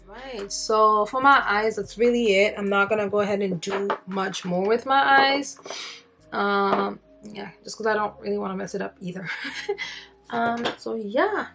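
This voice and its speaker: Over soft background music, a woman walks through her makeup in a casual tutorial, her medium-pitched voice gravelly with a fairly bright tone. She's unhurried, rambling and self-deprecating, her speech full of fillers.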